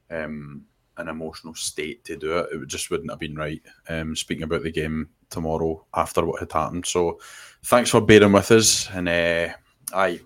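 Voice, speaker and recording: A Scottish man co-hosts a podcast in a very deep voice. He talks in a relaxed, earnest way. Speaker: podcast co-host. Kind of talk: casual podcast chat.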